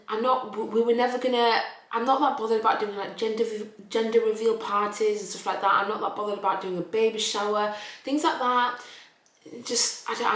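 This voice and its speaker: A woman's voice: fairly high pitch, roomy sound, poor audio. A young woman chatting emotionally in a casual vlog, often restarting her sentences. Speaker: vlogger.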